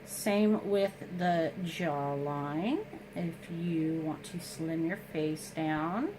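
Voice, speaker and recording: A woman with a lowish voice gives a casual makeup tutorial at home. She talks slowly and chattily through each step and pokes fun at herself. A faint hum sits in the background. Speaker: beauty vlogger.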